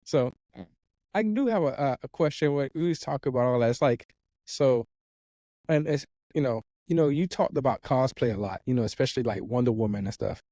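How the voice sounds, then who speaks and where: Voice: mid-range voice, lively intonation, fairly quick, warm tone, dry recording, studio quality. A podcast host in casual conversation who listens with short murmured replies and asks the guest a question. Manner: frequent short backchannel replies. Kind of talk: casual interview.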